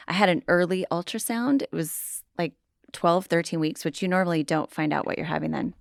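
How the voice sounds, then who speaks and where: A woman's voice: on the low side, brisk, vocal fry, no echo, clean studio sound. A middle-aged woman, a podcast guest, telling family stories in casual conversation and acting out quoted dialogue. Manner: animated storytelling, acts out quoted dialogue. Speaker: podcast guest, pastor's wife.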